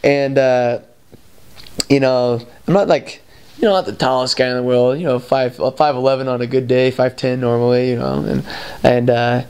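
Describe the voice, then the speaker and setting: A man's voice: medium pitch, moderate pace, darkish tone, clean tone. A young man from the United States casually telling a story about his missionary days, full of fillers and asides. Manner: rambling, full of "like" and "you know". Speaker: returned missionary.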